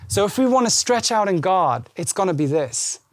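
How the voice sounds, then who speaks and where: During a church service, a pastor delivers a conversational sermon in a voice that sits high, at normal speed. He is animated and acts out lines of scripture as dialogue.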